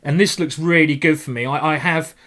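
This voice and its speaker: A man talks his way through fast chess games on a live stream. His voice sits fairly high, and he stays excitable and playful, teasing his opponent and calling out moves as he goes. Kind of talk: live commentary while playing blitz chess.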